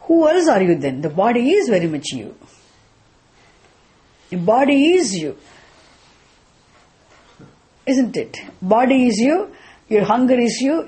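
A woman's voice: on the high side, sing-song, normal speed, mellow, husky. A woman teaching a scripture class, asking questions and answering them herself, repeating the key phrases. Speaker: Vedanta teacher.

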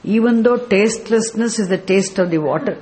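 A man's voice: high-pitched, brisk, a little mellow. A man teaching a scripture class, explaining step by step with rhetorical questions and chanting verses. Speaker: spiritual teacher.

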